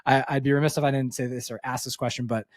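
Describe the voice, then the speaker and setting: A man's voice: mid-range voice, flat delivery, fast, no echo, clean studio sound. A man co-hosting a podcast, asking rambling, friendly questions. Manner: rambling, friendly, restarts often. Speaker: podcast co-host. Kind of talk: casual interview questions.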